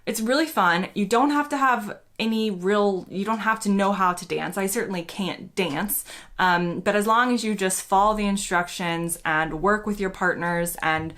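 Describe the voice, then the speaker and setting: A woman's voice: mid-range voice, moderate pace, a bit bright. A woman vlogging in a casual, chatty and upbeat way, with frequent fillers. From United States. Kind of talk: casual talking-head vlog.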